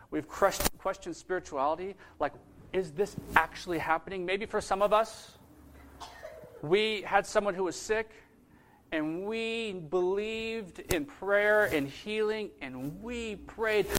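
A man preaches a sermon in a conversational style, putting questions to his listeners. His voice sits high and a bit bright, with slight background noise in the recording.

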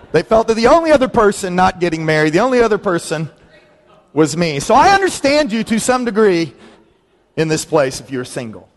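A middle-aged man, a pastor, telling humorous personal stories in a sermon and acting out friends' voices. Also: brisk. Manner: storytelling, animated, acts out quoted friends in a higher voice. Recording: long reverb of a large hall.

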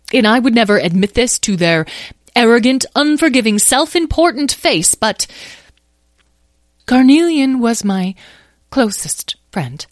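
A woman's voice: fairly low pitch, darkish tone, no room sound, clean studio sound. A woman voicing a proud, vain and wistful ancient flower fairy in a grand, dramatic manner for a storybook. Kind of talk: storybook character voice.

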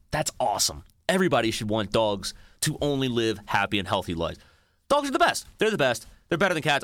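Young male podcast host, lively swooping delivery, profane mock rant, dry close sound. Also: mid-range voice, dry recording. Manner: animated, profane, mock-ranting. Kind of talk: casual comedic monologue.

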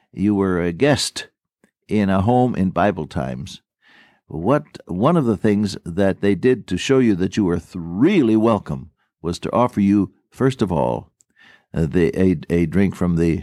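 A man's voice: on the low side, darkish tone, dry recording, studio quality. A man preaching a radio sermon, telling folksy stories and acting out little bits of dialogue. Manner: folksy storytelling with acted-out dialogue.

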